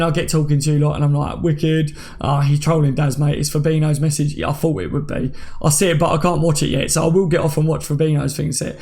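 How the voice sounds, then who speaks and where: A man's voice: on the high side, darkish tone. A man in his thirties hosting a casual live stream, chatting with viewers and reading out their comments by name. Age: 30s. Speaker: livestream host.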